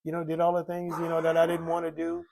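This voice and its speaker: Older man with a gravelly voice sharing his recovery testimony, rambling and candid. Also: a little high, monotone, quick pace, darkish tone, slight background noise. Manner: rambling, many "you know" fillers, acts out quoted voices. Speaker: recovering alcoholic telling his story.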